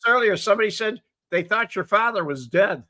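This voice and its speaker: A man's voice: high voice, animated, a little fast, sharp tone, no echo. A man hosting a podcast, chiming in with brief remarks in casual interview chat. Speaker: podcast host.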